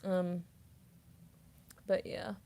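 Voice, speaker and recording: Streamer, woman, mid-twenties, low-ish voice, unhurried, chatty with filler words. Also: flat delivery. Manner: soft-spoken, rambling with many fillers and giggles. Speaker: voice actress streamer. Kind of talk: casual livestream chat reading comments.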